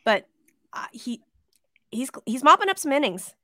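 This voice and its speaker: High-voiced excitable woman podcast co-host. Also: normal speed, no echo, studio quality. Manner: excitable, swears freely, gushing. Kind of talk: casual sports chat.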